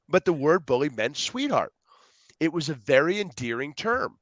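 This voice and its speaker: A man as a podcast guest telling stories in a rambling, animated way, acting out dialogue and jumping between tangents. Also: a little high, moderate pace, no room sound. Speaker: podcast guest, youth speaker. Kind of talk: casual storytelling interview.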